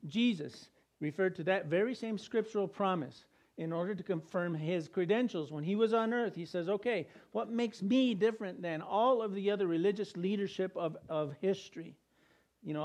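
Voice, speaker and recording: A middle-aged pastor from New Mexico delivers a sermon. His voice sits fairly high for a man. He keeps it conversational and leans on repeated words for emphasis. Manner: conversational preaching with emphatic repetition.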